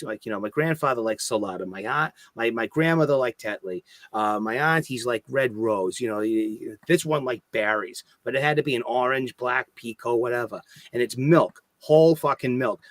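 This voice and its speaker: Man, middle pitch, dry close mic, crude jokey storytelling. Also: no echo. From Boston area. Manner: joking, profane storyteller. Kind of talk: casual chat.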